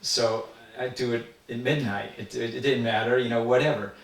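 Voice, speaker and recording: A man's voice: medium pitch, steady tone, moderate pace, gravelly. An older man earnestly recalling personal experiences in an interview. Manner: earnest, reflective storytelling. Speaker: interviewee recalling a spiritual teacher. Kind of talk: personal reminiscence. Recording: roomy sound from a distant mic.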